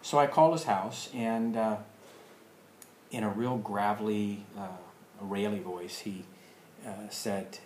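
A man telling a personal story in a casual, rambling way, full of pauses and fillers. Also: fairly low pitch, fairly even intonation, a little mellow, reverberant, slight background noise, rough recording. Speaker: alternative practice teacher.

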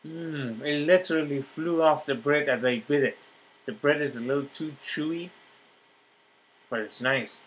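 Husky man savoring food slowly. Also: a little high, fairly bright tone. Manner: enthusiastic, talks with mouth full, lots of mm sounds. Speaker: vlogger. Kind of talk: casual eating vlog.

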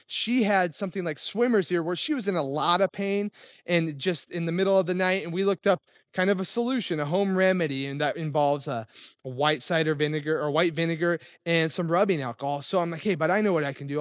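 A man's voice: on the high side, no room sound. A man in his thirties, a pastor telling a family story in a conversational sermon. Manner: conversational storytelling with fillers and restarts.

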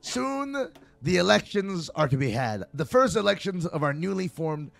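A man's voice: high voice, very animated, moderate pace, creaky, full character voice. A man roleplaying the formal, hesitant leader of a new republic in a game voice chat. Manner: formal, hesitant diplomatic speech.

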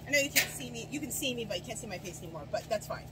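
Outdoors, a middle-aged woman films a do-it-yourself garden tutorial from a camera placed well away from her, talking rapid-fire in an expressive, high-ish voice over very noisy surroundings. Hiccups and coughs interrupt her chatty, meandering talk, which is full of restarts and side comments.

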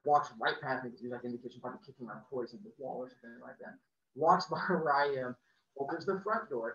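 A man spins a personal story with a lively, swooping delivery. He acts out the people in it as he goes. His voice is bright and sits back from the mic in a roomy space on a muffled video-call recording. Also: medium pitch, recorded from a distance.

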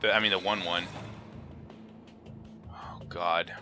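A young man giving casual, excitable commentary on his own card game, swinging from low mutters to high yelps, laughing and swearing. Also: takes it slowly, soft background music. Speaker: gaming video host.

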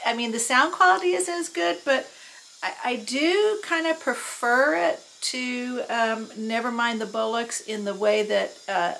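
A woman's voice: creaky, a bit bright, a little hiss or hum, low-quality recording. A woman in her sixties chatting casually in her tiki room at home, rambling and fond, with lots of fillers and restarts. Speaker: record collector. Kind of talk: casual chat. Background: record playing low on a stereo.

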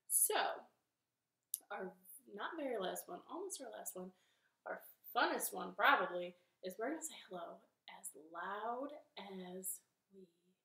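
A woman's voice: medium pitch, fairly bright tone, reverberant. A young woman hosting a children's storytime from her living room, cheerfully coaxing kids to sing along with a ukulele. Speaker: library storytime host.

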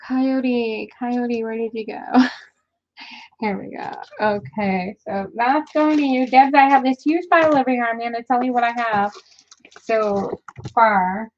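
A slow, unhurried woman chatting as she sorts through a box of jewelry for viewers. Her voice sits a little high and the audio is dull and lo-fi, with a faint hiss behind it. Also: steady tone, darkish tone. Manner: chatty, counting items aloud to viewers. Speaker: live seller unboxing jewelry. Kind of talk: casual live-sale chat.

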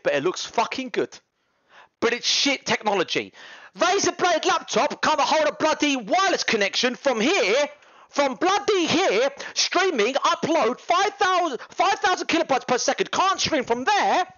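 A British man from the United Kingdom, speaking British English in an extremely high, pushed and bright voice, chats casually on a livestream. He tells rambling, slangy stories with plenty of swearing, and the recording is dry and muffled.

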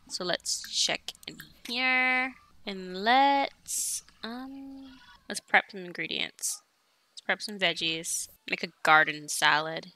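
Young woman, bright voice, slightly low pitch, casual let's-play chatter, faint background noise. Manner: chatty, talks to her game characters. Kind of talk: casual gameplay commentary.

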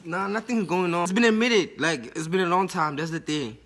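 A man's voice: high-pitched, brisk, a bit bright. A young man, hosting a casual video and making a prank call, rambling with slang and fillers. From South Africa. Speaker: YouTuber host.

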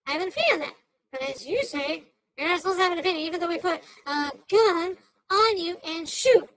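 A woman voicing a hyper, chattering female AI cartoon host who rambles through commentary on a news clip, jumping between shouts and mutters. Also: very high-pitched, animated, fast, low-quality recording. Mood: excitable.

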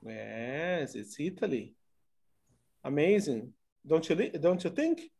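High-voiced slow English teacher. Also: male voice, sing-song, vocal fry, darkish tone. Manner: slow, coaxing teacher talk with many fillers. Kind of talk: online conversation class.

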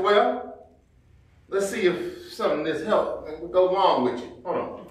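High-voiced preacher in an echoey church. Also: male voice, measured pace. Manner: conversational Black church preaching, acting out everyday scenes. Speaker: pastor. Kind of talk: sermon. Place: church sanctuary. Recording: very echoey church hall, distant mic.

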